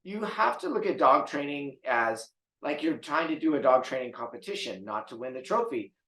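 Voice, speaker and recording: A man's voice: medium pitch, big pitch swings, normal speed, fairly bright tone. A man who trains dogs, talking casually on a podcast in an emphatic way and repeating key words. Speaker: dog trainer. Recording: roomy echo.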